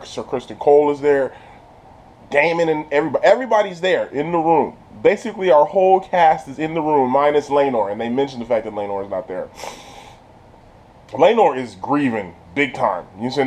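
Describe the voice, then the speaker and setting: A man casually recapping a TV episode in an animated, slangy way, laughing often and restarting his sentences. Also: mid-range voice. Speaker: channel host reviewing a TV episode.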